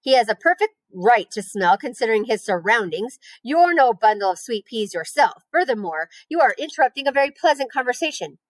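A woman reading aloud, voicing a calm and motherly female barn spider who speaks firmly and soothingly. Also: medium pitch, normal speed, dry recording, close to an everyday voice, low-quality recording.

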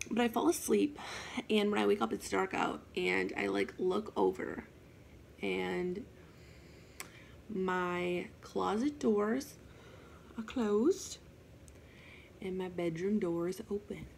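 A young woman with a gravelly, fry-laden voice at a mid pitch tells a ghost story, chatty and animated. A faint noise hums under the recording. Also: slow, long pauses. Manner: chatty, animated retelling with swearing and asides. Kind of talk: casual storytime vlog.

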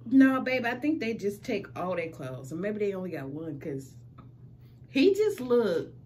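A woman's voice: medium pitch, very animated, moderate pace, warm tone, a little hiss or hum. A woman hosting a casual home vlog, talking in playful, slangy banter. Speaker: vlogger host. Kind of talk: casual chat.

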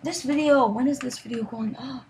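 A woman giving casual commentary over her gameplay, rambling and apologetic, sometimes trailing into quiet mutters and then bursting out excitedly. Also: sits high, normal speed, slight background noise. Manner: excitable outbursts. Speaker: gaming commentator.

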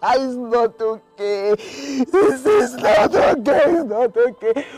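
A desperate Nigerian mother pleads in anguish for her son. Her voice swings widely in pitch, and faint music plays underneath. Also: animated, takes it slowly. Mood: distraught. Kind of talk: Nollywood village drama acting.

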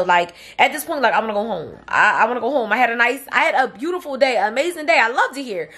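A woman's voice: high-pitched, expressive, brisk, fairly bright tone. A young woman telling a long, rambling story to camera in a casual vlog, leaning hard on fillers. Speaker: vlogger.

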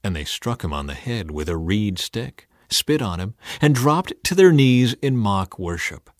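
A man reading the Bible aloud in a scripted, expressive and dramatic way. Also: on the low side, measured pace, no echo, clean studio sound. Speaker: Bible reader.

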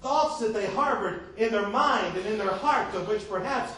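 Brief: pastor, high-pitched man, distant mic in a reverberant church. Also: normal speed, bright, forceful tone. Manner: call-and-response preaching, repeated "how many know". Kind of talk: sermon. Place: church sanctuary. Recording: echoey church room from far off.

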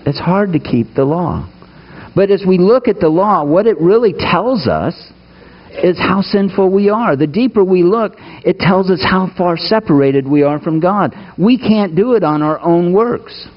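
A man's voice: high-pitched, expressive, unhurried, muffled recording. A man preaching a sermon to his congregation, emphatic, putting rhetorical questions to the listeners. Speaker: pastor. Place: church sanctuary.

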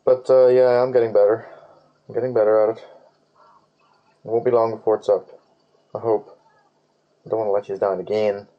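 Low, muffled gaming commentator, man. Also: little pitch movement, fairly quick, long pauses. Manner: rambling, swears a lot, hums nonsense tunes. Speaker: let's play gamer.

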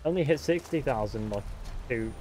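A young man streaming a game live, chatting casually, swearing freely and answering his chat out loud. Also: mid-range voice, animated, normal speed, over music.

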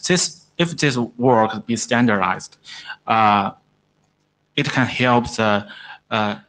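A man, not an English speaker, giving a technical presentation at a standards meeting, with many pauses and restarts. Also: mid-range voice, a bit bright, low-quality recording. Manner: halting, frequent "uh", broken grammar. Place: conference room.

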